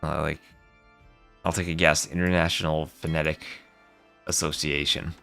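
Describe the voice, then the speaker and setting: A man's voice: extremely low pitch, flat delivery, normal speed, gravelly, bright, forceful tone, soft background music. A man casting a live strategy game match, calling plays and chatting with viewers between fights. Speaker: esports caster.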